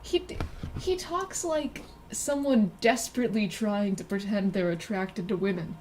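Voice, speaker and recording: A woman's voice: medium pitch, moderate pace, darkish tone, a little hiss or hum. A woman streaming as a VTuber, chatting casually in a rambling way that keeps interrupting itself with giggly asides. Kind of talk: casual live-stream chat while drawing.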